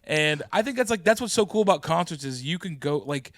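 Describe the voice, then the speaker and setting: A man hosting a podcast, telling stories in casual chat and acting out quotes loudly. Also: a little high, fairly quick, no echo, studio quality. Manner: animated storyteller, loud acted-out quotes. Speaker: podcast host.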